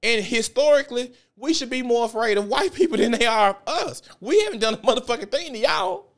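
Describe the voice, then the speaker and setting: A young man from South Memphis with a Memphis Southern accent, hosting a podcast and telling stories in a loose, profane, animated way. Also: extremely high pitch, a little fast, vocal fry. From South Memphis, Tennessee. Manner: profane, animated storytelling with frequent laughs. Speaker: podcast host. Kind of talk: casual podcast monologue.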